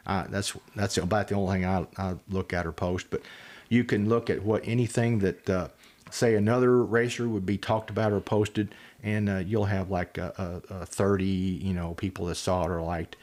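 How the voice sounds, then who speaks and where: Older podcast guest, low voice, shy and halting, lots of fillers. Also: male voice, fairly even intonation. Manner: soft-spoken, halting, many fillers. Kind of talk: casual chat.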